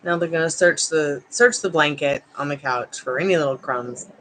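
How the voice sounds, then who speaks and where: A woman's voice: low voice, normal speed, a bit bright, a little hiss or hum, low-quality recording. A woman hosting a casual tarot livestream at home, reading out answers to viewers and cooing at her dogs on the couch. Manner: cooing baby talk to her dogs between chat replies.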